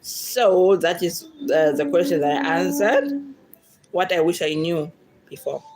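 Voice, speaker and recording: Chatty Zimbabwean woman with a low voice. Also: expressive, a little slow, rough recording. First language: Shona. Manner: chatty, addresses viewers directly as "guys", laughs often. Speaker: YouTuber answering viewer questions. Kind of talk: casual Q&A vlog chat.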